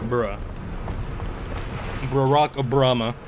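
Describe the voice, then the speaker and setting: A hoarse young man from Sweden, rambling excitably and swearing while commenting on a game he streams. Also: medium pitch, slow pace. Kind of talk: casual gameplay commentary. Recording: stream mic with game noise behind. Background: game sounds.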